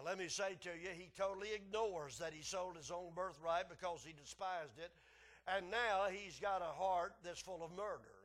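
A man preaching a sermon, his voice climbing loud when he reads scripture and dropping low when he explains it. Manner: rises loud and high reading scripture, drops low to explain.

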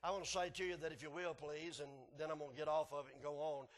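Male preacher, high voice; folksy, chuckling, sudden hollers. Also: flat delivery, quick pace. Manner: folksy, chuckling, swings from soft asides to hollering. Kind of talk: sermon.

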